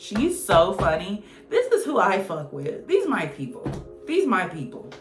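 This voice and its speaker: A woman reads tarot in a loose, joking way, blunt and full of slang and swearing. Her voice sits at an ordinary pitch and rings a little in a roomy space. Soft music plays faintly underneath. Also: wildly swooping pitch, unhurried. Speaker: tarot reader. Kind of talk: casual channeled tarot reading.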